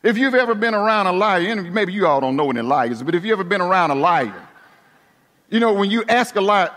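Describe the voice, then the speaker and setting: A man preaching a sermon, dramatic, dropping to hushed tones and rising again for emphasis. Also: high-pitched, animated, fast talker. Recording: long reverb of a large hall.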